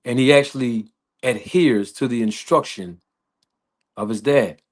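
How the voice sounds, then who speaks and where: A man telling a story slowly and deliberately, repeating phrases as he builds it up. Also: medium pitch. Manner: slow, deliberate, repetitive storytelling with laughs. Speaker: podcast host. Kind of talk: slow storytelling.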